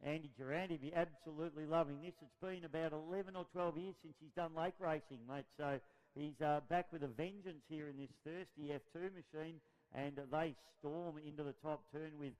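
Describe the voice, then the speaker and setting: A man giving energetic live play-by-play commentary on a water-ski race. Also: on the high side, fairly quick, poor audio.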